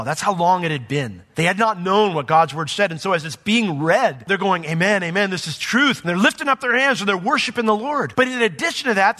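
Animated preacher man, bright forceful voice. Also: sits high. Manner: expository preaching, reading scripture aloud then explaining it; animated, swings from quiet asides to raised emphatic points. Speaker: pastor. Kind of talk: sermon.

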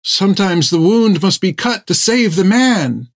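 A man's voice: high-pitched, lively intonation, a little slow, no echo, clean studio sound, voice pushed up. A man voicing a desperate male ship's doctor who cries out as if pleading. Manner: crying out, pleading.

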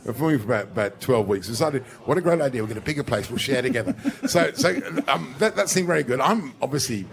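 A man's voice: mid-range voice, lively intonation, fast, gravelly, few pauses. A man as a guest on live radio, chatting and laughing at himself. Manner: self-mocking, laughing. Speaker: celebrity guest. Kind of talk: joking radio chat. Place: busy restaurant, live broadcast.

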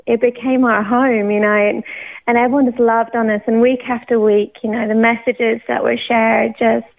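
A woman from England, telling her personal faith testimony in an animated way, laughing often and acting out her own thoughts. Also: a little high, moderate pace, creaky. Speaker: churchgoer sharing her testimony. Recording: tinny phone-like sound.

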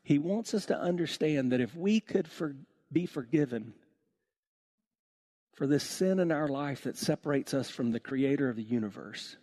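Animated male pastor preaching. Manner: animated storytelling, acts out voices with big swings in pitch. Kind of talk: sermon.

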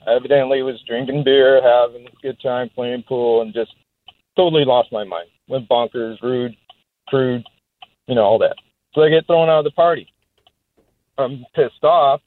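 A man's voice: medium pitch, dry recording. A man calling in to a radio show, telling a story about his own night out in a plain, matter-of-fact way. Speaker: radio caller. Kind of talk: casual storytelling. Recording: tinny phone line.

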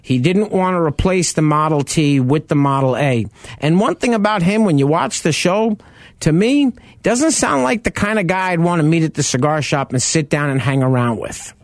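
A man's voice: a little high, normal speed, no echo, studio quality. A man co-hosting a radio show, telling car history in casual chat with enthusiasm. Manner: animated storyteller, tells car history with enthusiasm.

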